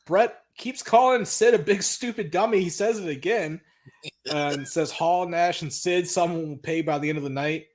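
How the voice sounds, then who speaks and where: Male podcast co-host, casual and exasperated, swears a lot, voice a bit on the high side. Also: normal speed. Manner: blunt, profane, exasperated recapping. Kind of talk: casual chat recapping wrestling.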